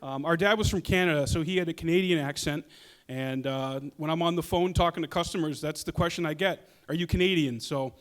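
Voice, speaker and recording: A male comic tells meandering stories, stumbling over restarts as he goes. His voice is high, and a long hall echo trails behind him. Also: brisk, hardly any pauses. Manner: rambling self-interrupting storytelling. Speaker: comedian. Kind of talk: stand-up storytelling. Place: stage in a reverberant hall.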